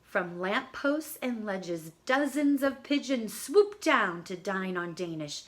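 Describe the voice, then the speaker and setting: A woman reading a children's picture book aloud in an expressive, lively storytelling manner. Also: medium pitch, slow pace. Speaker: storybook reader.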